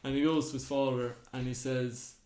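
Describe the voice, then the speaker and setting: A man's voice: mid-range voice, little pitch movement, normal speed, dark tone, a little hiss or hum. A man, co-hosting a podcast, casually retelling myths and acting out the characters' lines. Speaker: podcast co-host. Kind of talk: casual storytelling chat. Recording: roomy echo.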